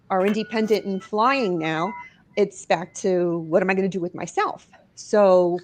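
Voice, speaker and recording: Speaking in a studio, this fairly low-pitched middle-aged woman from New York, an author and paranormal investigator appearing as a guest, recounts something deeply personal and emotional. She tells it expressively, her voice climbing and falling throughout.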